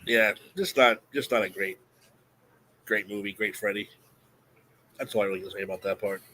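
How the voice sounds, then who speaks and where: A man's voice: on the low side, steady tone, normal speed, sharp tone. A man co-hosting a casual podcast, giving blunt, laid-back opinions on a movie. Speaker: podcast co-host. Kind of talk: casual chat.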